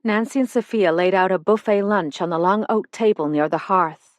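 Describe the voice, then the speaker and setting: A woman narrates a mystery audiobook in a measured, even voice. Her pitch sits in the middle range. The studio sound is dry and close. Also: dry recording. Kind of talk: scripted narration.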